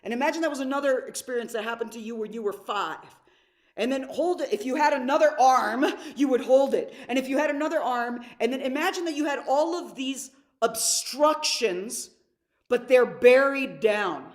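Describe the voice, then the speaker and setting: Woman workshop leader, lively teaching delivery, slightly high voice, quizzes the audience. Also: moderate pace. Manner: energetic, asks the audience questions. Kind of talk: live online teaching talk.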